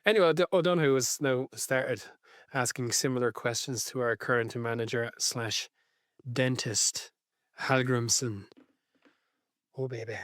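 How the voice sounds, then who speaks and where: A man's voice: medium pitch, measured pace, fairly bright tone, no echo, clean studio sound. Male co-host from Ireland, easygoing wry storyteller, casual podcast banter. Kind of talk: casual chat.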